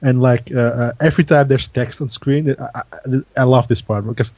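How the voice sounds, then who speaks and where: A man's voice: mid-range voice, moderate pace, a little mellow, dry recording, dull audio. A man co-hosting a podcast in casual chat, rambling with many fillers and laughing often. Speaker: podcast co-host.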